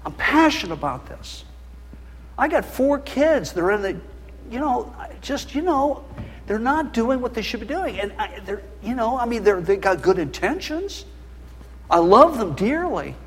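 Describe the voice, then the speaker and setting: Impassioned high-voiced man preaching. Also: sing-song, unhurried, fairly bright tone, a little hiss or hum. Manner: passionate, emotional, voice rising to a shrill pitch. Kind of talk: sermon. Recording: reverberant hall.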